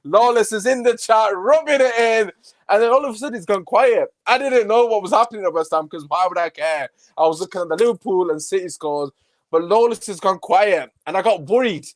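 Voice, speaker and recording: A man with a high voice hosts a loose football podcast chat. He talks in an animated, swearing, mocking way. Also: brisk. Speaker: podcast host. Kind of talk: casual chat.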